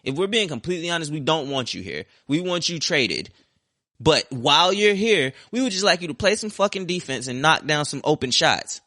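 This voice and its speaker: Young male podcast host, forceful bright voice, profane sarcastic sports rant, dry close sound. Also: on the high side, sing-song, fairly quick, dry recording. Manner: heated, profane, sarcastic ranting. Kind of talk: ranting sports talk.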